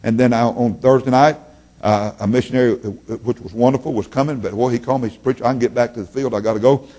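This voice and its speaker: A middle-aged man preaching a folksy sermon in a church, his voice jumping up loud and then falling low. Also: fast talker. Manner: folksy, animated preaching with sudden loud rises and drops. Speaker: pastor.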